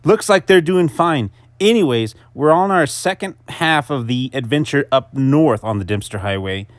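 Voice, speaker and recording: A man's voice: fairly high pitch, lively intonation, normal speed, no echo. A young man narrating his motorcycle trip vlog in a casual, jokey, self-mocking voice-over. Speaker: motorcycle vlogger.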